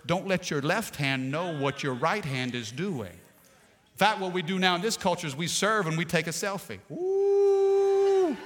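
A man's voice: fairly high pitch, a bit bright. A male pastor preaching a sermon, calling out to the congregation and slipping in playful jokes. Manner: preachy call-and-response, playful asides. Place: church sanctuary. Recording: long hall reverb.

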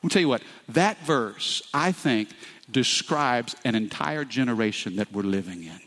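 A man's voice: mid-range voice, lively intonation, normal speed, a bit bright. A middle-aged male pastor preaching a sermon with passion, often turning to the congregation with asides. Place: church sanctuary. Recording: echoey hall.

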